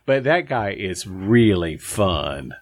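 A man co-hosting a casual group podcast, gushing and animated, laughing often. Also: low voice, slow pace. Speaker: podcast co-host.

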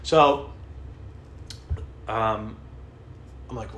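A man's voice: on the low side, fairly even intonation, brisk, long pauses, fairly bright tone, a little hiss or hum. A man telling a rambling, profane, self-deprecating story in a casual vlog. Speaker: vlogger. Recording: roomy with faint ambience.

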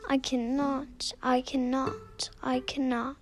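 A woman's voice: sits high, level tone, slow pace, music in the background. A woman doing a weary, sighing old engine. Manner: sighing, tired, half whispered.

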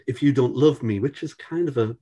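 An older man in his sixties with a mellow, warm voice tells stories from his career in a loose, chatty way. He keeps restarting sentences and circling back, and drops a casual swear word now and then. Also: mid-range voice, brisk, breathy edge. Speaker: musician being interviewed. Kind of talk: casual anecdotal chat.

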